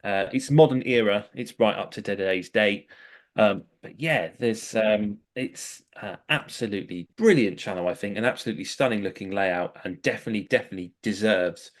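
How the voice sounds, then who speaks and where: A man's voice: on the low side, a little fast. A man co-hosting a casual podcast, chatty and full of fillers and restarts. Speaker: co-host. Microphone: headphones, remote call.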